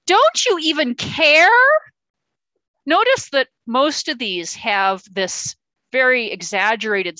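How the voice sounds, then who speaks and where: A woman's voice: mid-range voice, pushed and bright, dry recording, rough recording. A woman giving an informal talk, explaining techniques and acting out sample lines in other voices, with fillers and restarts. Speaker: speaker giving a talk on verbal self-defense. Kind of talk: informal lecture with examples. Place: meeting hall.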